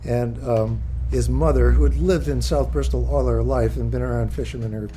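A man reading from his own book to a live audience, with halting, thinking-aloud asides between passages. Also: mid-range voice, fairly even intonation, dark tone, slight background noise.

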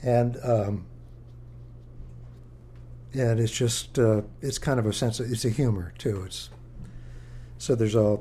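A man reading from his own book to a live audience, with halting, thinking-aloud asides between passages. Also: mid-range voice, fairly even intonation, warm tone, a little hiss or hum.

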